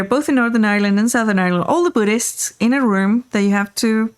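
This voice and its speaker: A woman's voice: on the high side, fast talker, clear, resonant tone. Chatty middle-aged woman telling stories. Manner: relaxed, rambling anecdotes with many fillers. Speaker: podcast host. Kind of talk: casual storytelling chat. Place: in a car while driving.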